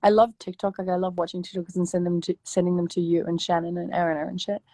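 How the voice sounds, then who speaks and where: A woman's voice: lowish voice, level tone, quick pace, mellow, a little hiss or hum. A woman, chatting casually on a phone live stream, swearing and laughing often, her voice a little worn. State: losing her voice. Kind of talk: casual chat.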